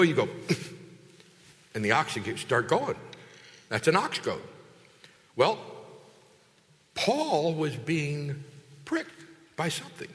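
A man preaching a sermon as a pastor, lively and conversational, acting out quoted voices with big jumps in pitch. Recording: long hall reverb.

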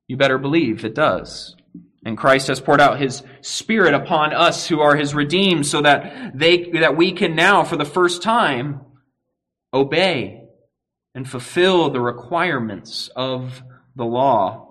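Earnest male preacher. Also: medium pitch. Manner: earnest preaching, rising and dropping to quiet emphasis. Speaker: pastor. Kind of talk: sermon.

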